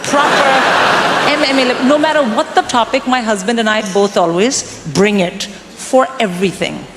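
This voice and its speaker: A woman in her forties performing a stand-up comedy set, delivering wry, deadpan punchlines to a crowd. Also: fairly high pitch, moderate pace. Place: comedy club stage. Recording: live room with long reverb and background noise.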